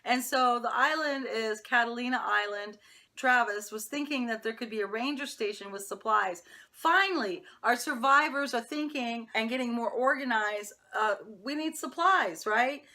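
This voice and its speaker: A woman's voice: fairly high pitch, normal speed, bright, forceful tone. A woman reviewing a TV episode, chatty and opinionated, talking straight to her viewers. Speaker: TV show reviewer. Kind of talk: casual episode recap.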